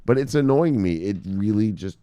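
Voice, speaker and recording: A man's voice: on the low side, expressive, moderate pace, mellow, clean tone, no room sound. A man hosting a crypto news vlog, ranting casually with lots of swearing and laughing asides. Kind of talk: casual profane news commentary.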